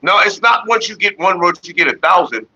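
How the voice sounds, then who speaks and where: A man hosting a casual home livestream, telling a profane story to his viewers in an animated way and slipping into quoted voices. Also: high voice, brisk, dull audio, heavy background noise. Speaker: livestream host.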